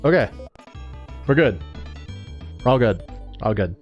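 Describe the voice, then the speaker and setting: A man's voice: medium pitch, lively intonation, measured pace, pauses often, muffled recording. Rambling man commenting on a game. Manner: rambling, self-deprecating, joking. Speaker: let's play host. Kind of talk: casual gameplay commentary. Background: faint game music.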